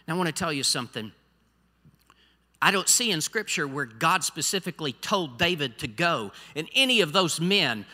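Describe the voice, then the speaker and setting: A man preaching a sermon as pastor, swinging from quiet asides to loud exhortation. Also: on the high side, lively intonation, normal speed, pauses often. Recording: long hall reverb.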